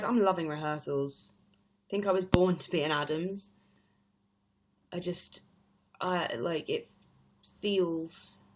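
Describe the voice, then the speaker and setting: A young woman with a British accent talks into her webcam at home, hosting a relaxed live stream. She rambles from thought to thought and laughs easily. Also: fairly low pitch. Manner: chatty, rambling, laughs often. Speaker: livestream host. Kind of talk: casual live-stream chat.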